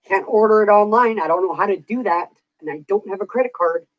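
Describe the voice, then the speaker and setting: A woman vlogger rants in casual chat with a mid-range voice, talking fast and swearing freely as she vents. The recording is dull, dry, and lo-fi.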